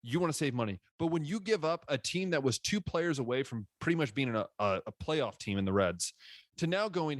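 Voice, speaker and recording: A man's voice: mid-range voice, expressive, brisk, dry recording. A man co-hosting a sports podcast, ranting in casual chat with frequent restarts. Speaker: podcast co-host.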